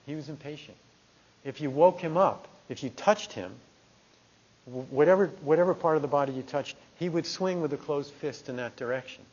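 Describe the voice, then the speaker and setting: A middle-aged man from New Jersey giving a meditation talk, telling a personal story in a lively conversational way. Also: on the high side, normal speed. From New Jersey, USA. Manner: conversational, animated storytelling with restarts. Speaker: meditation teacher. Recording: dull lo-fi talk recording.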